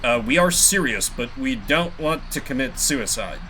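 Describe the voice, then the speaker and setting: A man's voice: mid-range voice, lively intonation, moderate pace, bright, forceful tone, soft background music, rough recording. A man voicing a polite young male hero in a video game, plain and earnest.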